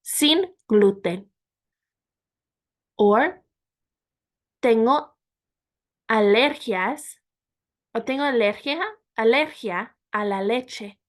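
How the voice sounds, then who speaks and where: Woman Spanish teacher, slow careful delivery, fairly high voice, repeats words for learners. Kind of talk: language lesson.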